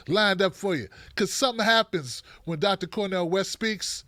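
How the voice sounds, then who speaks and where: A man with a rather high voice hosts a live stream, chatting loosely and playfully with his viewers. His throat is dry and he keeps clearing it. The sound is dry and close, with no room echo. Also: fairly quick. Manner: lively and animated, playful asides to viewers. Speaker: host of a live online show. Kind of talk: casual live-stream chat, greeting viewers.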